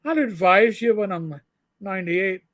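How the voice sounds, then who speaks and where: A man's voice: lively intonation, moderate pace, dry recording. A man putting on an Irish brogue to play a cheeky male police officer calling in over the radio. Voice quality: full Irish brogue, loud and high.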